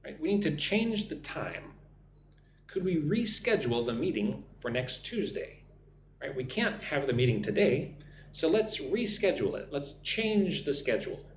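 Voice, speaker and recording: A man teaching English on a live stream, drilling pronunciation slowly and deliberately and thanking viewers by name. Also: on the high side, very animated. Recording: roomy echo with faint hum.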